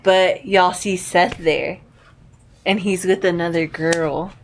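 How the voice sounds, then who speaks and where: A woman's voice: lowish voice, fairly even intonation, takes it slowly, creaky, a little hiss or hum. A young woman hosting a casual podcast chat with friends. She laughs often and poses hypothetical questions. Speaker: podcast host.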